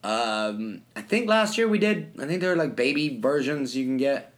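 A man's voice: medium pitch, lively intonation, moderate pace. A man co-hosting a podcast, telling casual stories and swearing freely. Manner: laid-back storyteller, swears freely. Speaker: podcast co-host. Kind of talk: casual chat.

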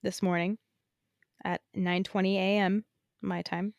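A young woman co-hosting a podcast, chatting casually and gushing with excitement, laughing often. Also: mid-range voice, measured pace, creaky, smooth, dry recording, muffled recording. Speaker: podcast co-host. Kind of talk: casual chat.

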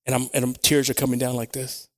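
A man preaching a sermon to his congregation, moving between quiet prayer, personal stories told with acted asides, and loud, shouted preaching. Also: mid-range voice, monotone, fast. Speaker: pastor.

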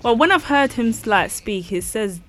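A woman co-hosting a radio show in casual chat, soft-spoken and laughing along. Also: a little high, expressive, normal speed, over music. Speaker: radio co-host.

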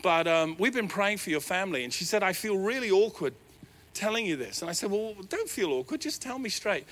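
A middle-aged man with a New Zealand accent, preaching a sermon in a church hall. He tells a personal story in an animated, self-deprecating way. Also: sits high, a little fast. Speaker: pastor.

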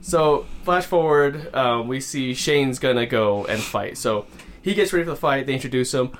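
A man's voice: medium pitch, expressive, moderate pace, a little hiss or hum. A man hosting a casual movie review chat, retelling scenes with lots of acted-out voices and laughter. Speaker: podcast host.

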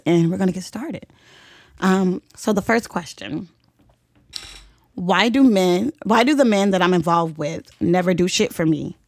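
A young woman hosts a podcast, dishing out blunt, profane advice in casual chat and laughing often. Her medium-pitched voice is gravelly. The recording is dry and clean, like a studio.

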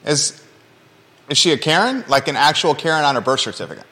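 A man's voice: a little high, big pitch swings, brisk, pushed and bright, big-room sound. A man hosting a local talk show, reading news items and then bantering playfully with his co-host with lots of teasing questions.

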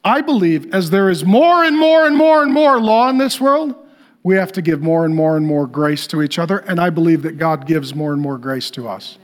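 A male pastor delivering a sermon in an emphatic, repetitive preaching style that swings from loud to hushed. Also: a little high, expressive, moderate pace.

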